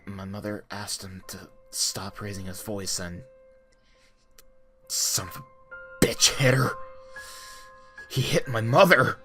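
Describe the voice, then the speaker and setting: A man in his twenties voicing a haunted, stammering teenage boy turned killer in a creepypasta monologue, with a hushed, whispery, gravelly voice. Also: deep voice, little pitch movement, unhurried, few pauses. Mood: numb, grim. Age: 20s. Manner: stammering, numb then unhinged. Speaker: voice actor. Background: music.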